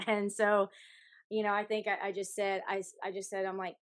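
A woman's voice: medium pitch, normal speed, dry recording. Frank, outspoken woman singer on a dry mic. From Canada. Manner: frank, animated, swears freely, laughs often. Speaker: country singer, podcast guest. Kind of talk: candid interview storytelling.

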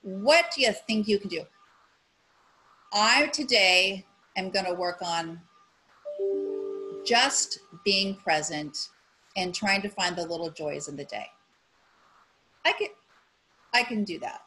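A woman's voice: medium pitch, animated, slow, long pauses, sharp tone, slight background noise, low-quality recording. A woman on a podcast talking frankly and animatedly, swearing casually and acting out her own inner voice. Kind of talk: casual chat.

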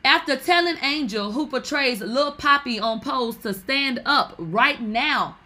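A woman hosting a gossip show, talking in a casual, animated and profane way with sassy asides. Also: sits high, a little slow.

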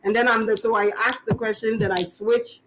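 A young woman with a Ghanaian English accent chats as a guest storyteller, animated and quick to slip into other voices. Her voice sits a little high, and a faint hiss runs underneath. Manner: animated, acts out voices while telling stories. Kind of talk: casual interview chat.

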